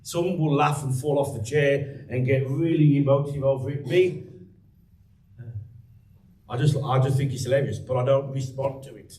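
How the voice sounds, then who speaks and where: A man's voice: medium pitch, steady tone, normal speed, warm tone, reverberant, distant mic, low-quality recording. An English man preaching a sermon as pastor, chatty and teasing the congregation by name. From England. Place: church hall.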